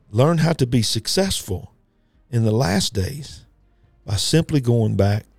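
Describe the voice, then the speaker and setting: A male preacher delivers a sermon in a low, mellow voice, hammering points home through repetition and calling out to his listeners. The sound is dry and close. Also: no room sound. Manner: emphatic, repetitive, rising to fervent pitch; folksy, addresses listeners directly.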